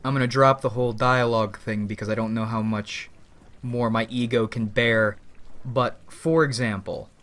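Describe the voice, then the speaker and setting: A man's voice: mid-range voice, fairly even intonation, normal speed, fairly bright tone. A man giving a rambling, philosophical spoken monologue as a vlogger, with casual profanity.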